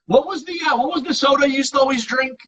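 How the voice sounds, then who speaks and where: A man hosting an aftershow, chatting on a video call with a guest in a loud, teasing, playful way. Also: very high-pitched, fast talker, rough recording. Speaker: aftershow host. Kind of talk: casual interview chat.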